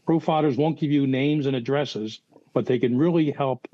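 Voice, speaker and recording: A man's voice: medium pitch, normal speed, warm tone, dry recording. An older man tells rambling stories, full of fillers and false starts. His audio is slightly muffled and lo-fi. There is almost no room sound around him. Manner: rambling anecdotes with many restarts and fillers. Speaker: guest, former FBI profiler. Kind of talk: casual podcast storytelling.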